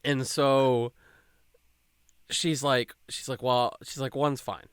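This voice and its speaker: A man's voice: medium pitch, slow, clean tone, no room sound, clean studio sound. A young man from hosting a podcast, telling a long rambling story in casual chat and acting out the people in it. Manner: rambling, animated, acts out quoted people. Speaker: podcast host.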